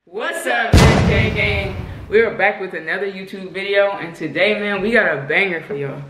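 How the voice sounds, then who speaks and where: A young adult vlogger hosting a channel talks at normal speed in a medium-pitched voice over music. Playful and laughing, she makes up rambling nonsense stories on prank phone calls, recorded in an echoey room with faint hiss.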